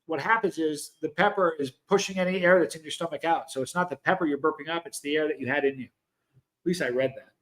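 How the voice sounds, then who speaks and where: A man with a fairly high voice hosts a casual livestream. He talks loosely to his viewers, reads their comments aloud and often breaks off to restart his sentences. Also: fast, fairly bright tone. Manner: chatty, rambling, self-interrupting. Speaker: livestream host.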